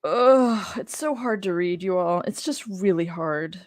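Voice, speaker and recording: A woman's voice: on the low side, animated, unhurried, no room sound, clean studio sound. A woman who teaches religion, giving casual commentary on a scripture reading, emotional, exasperated and blunt. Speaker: religion professor.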